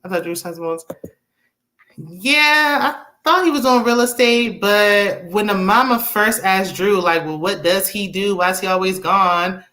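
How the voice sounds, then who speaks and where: A woman's voice: mid-range voice, a little slow. Chatty woman recapping a movie. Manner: chatty, animated retelling with laughs and acted-out quotes. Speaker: movie review host. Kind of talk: casual live movie recap.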